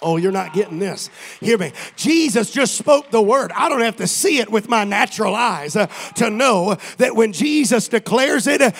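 A man delivers a Sunday sermon in a church, his voice pitched very high and gravelly. He preaches in a fervent, rhythmic cadence full of repeated declarations, with a husky edge and many "uh" fillers between phrases. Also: expressive, a bit bright. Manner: fills pauses with frequent "uh".

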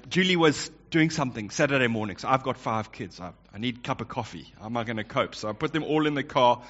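A middle-aged man preaching a sermon as pastor, telling stories and acting out quotes as he goes. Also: medium pitch. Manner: lively storytelling with acted quotes. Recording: lo-fi dull recording.

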